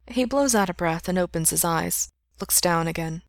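A woman narrating a fiction audiobook in a steady, plain storytelling voice. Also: lowish voice, normal speed, gravelly, few pauses, no echo, studio quality. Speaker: reader.

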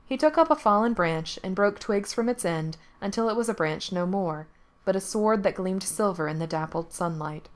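A woman storyteller reading a fairy tale aloud in a calm, measured way. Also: mid-range voice. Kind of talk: storybook narration.

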